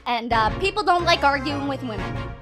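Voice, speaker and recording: High, lively woman voicing a game. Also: normal speed, over music. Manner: lively, reads all parts herself. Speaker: video game let's player. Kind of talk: casual game commentary and reading dialogue aloud.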